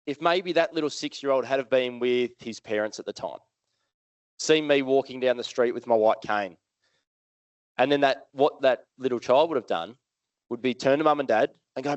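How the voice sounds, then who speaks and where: An Australian man speaks to a live audience in a smooth, resonant voice at an ordinary middle pitch. He tells his story in a casual, lively way and keeps turning questions back to the crowd. The sound is dry and close, with almost no room echo. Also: moderate pace. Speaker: motivational speaker. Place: live event hall with audience.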